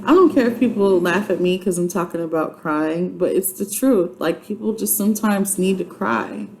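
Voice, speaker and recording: A woman with a fairly low, darkish voice shares a heartfelt personal testimony as a vlogger, speaking at normal speed. She's chatty and earnest, repeats herself often, and uses many fillers, on a low-quality recording with clear background noise.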